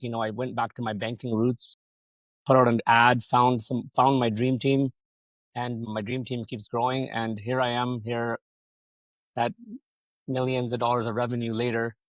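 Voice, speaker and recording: A man with a mid-range voice, recorded dry, guests on a podcast to tell the story of founding his solar company. He rambles casually, swears freely, and imitates what other people said.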